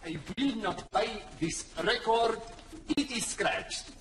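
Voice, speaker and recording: An actor playing a bewildered foreign tourist who reads wrong phrases from a phrasebook, earnest and halting, from a comedy clip played in a hall. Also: male voice, sits high, far from the mic. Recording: comedy clip played in a hall, heard from afar with loud audience laughter.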